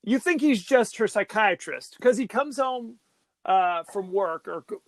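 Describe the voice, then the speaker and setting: A man co-hosting a casual movie podcast, rambling and joking with plenty of restarts. His pitch moves around a lot. The sound is dry and close. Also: expressive, a little slow, no room sound. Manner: rambling, jokey, lots of restarts. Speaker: podcast co-host.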